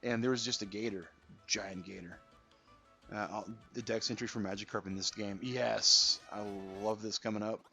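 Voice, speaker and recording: A man's voice: on the low side, fairly even intonation, moderate pace, gravelly, pushed and bright. A man streaming a game, chatting casually and reading out viewer comments. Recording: dull lo-fi stream audio with faint music.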